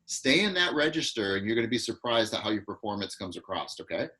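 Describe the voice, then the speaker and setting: A man acting coach leading a live online class, giving quick, directive notes over a video call. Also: fairly low pitch, lively intonation, bright, forceful tone, slight background noise, poor audio.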